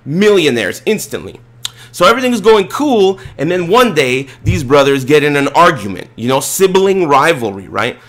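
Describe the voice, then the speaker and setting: A man streaming, telling a casual, profane, rambling story with animated delivery. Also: fairly high pitch, normal speed.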